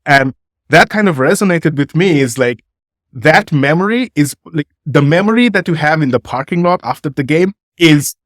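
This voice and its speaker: A man hosting an interview, asking a long question in a searching, halting way full of fillers and restarts. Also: fairly high pitch, animated, no room sound, studio quality. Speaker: podcast host interviewing a guest. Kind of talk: casual conversational interview.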